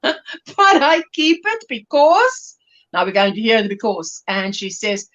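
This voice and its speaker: Chatty South African woman, lively high voice. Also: unhurried, highs cut off. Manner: chatty, laughing, reads viewer comments aloud. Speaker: livestream host. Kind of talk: casual chat while crafting.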